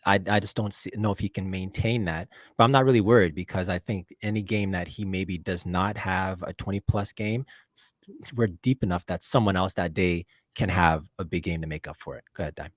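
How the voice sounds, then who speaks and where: A man with a very low voice gives his picks on a basketball podcast, measured and pausing to think. The sound is dry and close. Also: steady tone, dry recording. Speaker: podcast guest, fan. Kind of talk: casual sports podcast chat.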